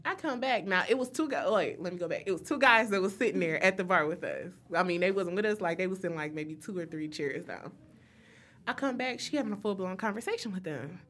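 A young woman co-hosting a podcast, telling a story with lively acted-out quotes in casual chat. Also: lowish voice, a little fast. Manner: animated storyteller, acts out quotes. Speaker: podcast co-host.

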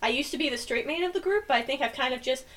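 A woman's voice: high-pitched, expressive, very fast, fairly bright tone, a little hiss or hum. A woman playing in a tabletop game, chatting casually and giggling often. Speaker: player. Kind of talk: casual play chat.

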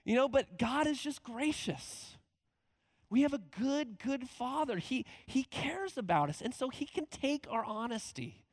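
High-voiced animated male pastor. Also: measured pace, no echo. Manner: animated, acts out quoted voices with laughs. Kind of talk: conversational sermon.

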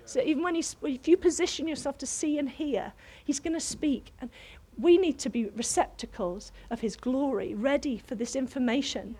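A woman preaching to a congregation, telling a personal story in an animated way that keeps breaking into laughter. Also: sits high, normal speed, few pauses. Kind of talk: sermon storytelling.

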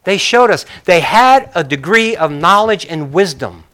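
A man's voice: high voice, animated, unhurried, fairly bright tone. A male pastor preaching a sermon in a conversational way, with joking, apologetic asides to his congregation.

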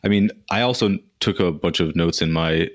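A man's voice: low voice, normal speed. A man on a podcast chatting casually about a film, recalling scenes and quoting favorite lines. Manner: chatty, quotes lines with amused laughter. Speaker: podcast guest. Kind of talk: casual movie discussion.

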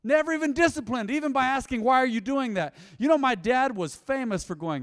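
High-voiced preacher in a big hall. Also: male voice, fairly quick. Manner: animated, conversational preaching with asides to the congregation. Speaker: pastor. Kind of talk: sermon. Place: large church auditorium.

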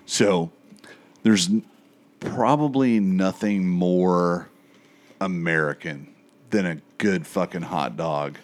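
A man hosting a casual chat, laid-back and salty, pausing often on fillers. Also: deep voice. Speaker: host.

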